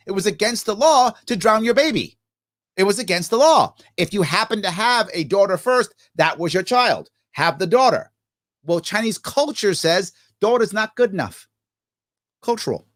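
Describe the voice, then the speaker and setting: This host's pitch sits high and his tone is fairly bright. He's a middle-aged man running a live question-and-answer livestream, voicing viewers' questions and responding passionately.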